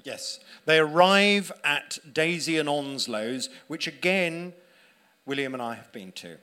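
Chatty guy co-hosting a live show, bright voice, a bit high. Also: animated, measured pace, clear, resonant tone. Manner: chatty, enthusiastic storyteller. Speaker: podcast co-host. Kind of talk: live podcast chat before an audience.

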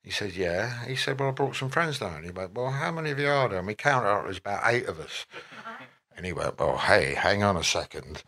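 A man, an interview guest telling rambling, animated anecdotes full of quoted voices. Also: mid-range voice, fairly quick. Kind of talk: anecdotal storytelling.

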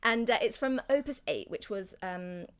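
A woman's voice: fairly high pitch, normal speed, clean tone. A woman co-hosting a casual podcast about classical music, chatty and giggly, often trailing off with fillers. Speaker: podcast co-host.

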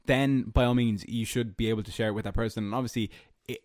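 A man's voice: mid-range voice, steady tone, fast, a little mellow, no room sound. Rambling young Irish man, dry close sound. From Ireland. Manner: rambling, reflective, full of fillers. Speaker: podcast host. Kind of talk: casual chat.

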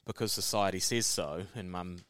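A man's voice: sits low, moderate pace, fairly bright tone, a little hiss or hum. A man, talking in a laid-back, sweary way in a casual podcast chat and tagging "eh" onto his remarks. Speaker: podcast co-host.

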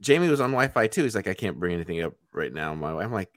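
A man with a deep, low-pitched voice chats casually on a podcast. He rambles through his stories in a laid-back, slightly profane way. The sound is dry and close. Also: big pitch swings, fast talker, no echo. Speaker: podcast co-host. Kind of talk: casual chat.

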